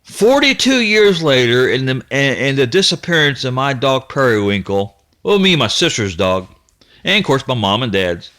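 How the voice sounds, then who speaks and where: A man's voice: mid-range voice, a bit bright. A man in his fifties from the Ohio-Kentucky area telling a personal story in a folksy, rambling way, stopping and restarting often. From Ohio-Kentucky area, USA. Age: 50s. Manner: rambling, halting, with many restarts; folksy and nostalgic. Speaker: channel host.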